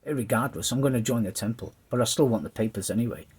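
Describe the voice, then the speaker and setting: A middle-aged Englishman from England, with a mid-range, slightly rough voice and a quick pace, tells a rambling personal testimony. He's a lively storyteller who acts out the voices of the people involved.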